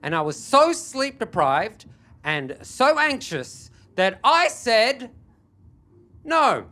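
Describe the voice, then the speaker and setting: A man doing stand-up, telling a self-mocking story with animated, building energy. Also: high-pitched, slow, noisy background. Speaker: stand-up comedian. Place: live comedy stage.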